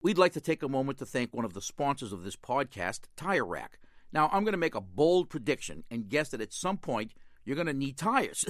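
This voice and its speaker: A man's voice: medium pitch, a bit bright, no room sound, clean studio sound. An older man with a Boston accent, co-hosting a call-in radio show, telling jokes and laughing as he talks. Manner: jokey storyteller, laughs often, repeats words.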